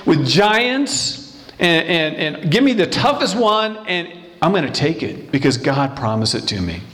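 A man's voice: fairly high pitch, big pitch swings, a little slow, a bit bright. A man voicing an eager eighty-five-year-old warrior who emphatically demands the hardest fight. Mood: bold, eager.

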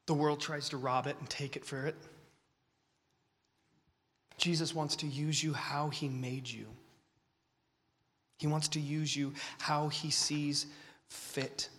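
A man preaching to a young crowd with great passion, dropping to whispers and rising to shouts, while fighting the flu. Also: fairly high pitch, little pitch movement, takes it slowly, pauses often. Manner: impassioned, swinging from whispers to shouts. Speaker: speaker at a youth gathering. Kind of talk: sermon. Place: large hall. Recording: long reverb of a large hall.

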